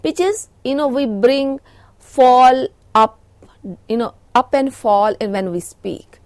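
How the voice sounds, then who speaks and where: A woman's voice: high-pitched, takes it slowly, darkish tone, dry recording. A middle-aged woman with an Indian English accent giving a recorded lecture, explaining points with frequent "you know" fillers.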